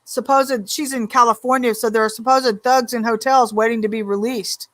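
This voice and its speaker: A woman hosting a talk show, chatty and animated, agreeing often and telling stories. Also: a little high, normal speed, no room sound. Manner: chatty, animated storyteller, many yeahs. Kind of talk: casual interview talk.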